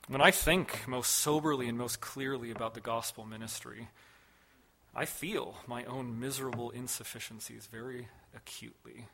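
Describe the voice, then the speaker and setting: A man preaches from the pulpit in a measured, earnest sermon voice. He leans hard on key words, then falls quiet and low at the ends of phrases. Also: steady tone, creaky, husky. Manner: measured, emphatic delivery with sharp shifts between loud stresses and soft drops. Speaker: pastor.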